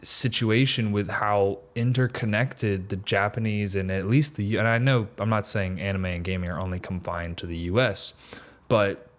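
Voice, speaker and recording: A young American man co-hosting a podcast, chatting casually and enthusiastically, with quick bursts of opinion. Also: lowish voice, steady tone, a bit bright. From United States. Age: young adult. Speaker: podcast co-host. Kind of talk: casual chat.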